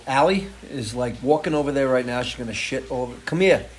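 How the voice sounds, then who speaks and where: A man chatting casually and crudely from his porch, his voice at an ordinary middle pitch. He jokes around and talks to his dogs, with faint outdoor ambience behind him. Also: animated, fast talker, a little hiss or hum. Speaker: host. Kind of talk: casual live-stream chat. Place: home porch.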